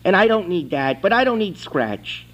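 A man's voice: high voice, very animated, moderate pace, fairly bright tone. A man on a phone call who rambles, insists, and breaks into animal noises as a prank caller.

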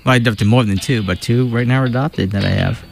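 A man's voice: medium pitch, fast talker, creaky, faint music behind. A man co-hosting a casual radio show, teasing his partner and laughing often. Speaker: radio co-host.

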